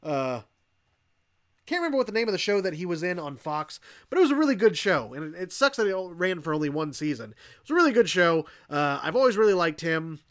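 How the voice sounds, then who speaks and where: A man's voice: sits high, sing-song, fast. A young man hosting a casual horror-movie livestream, rambling and swearing, laughing often. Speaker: podcast host.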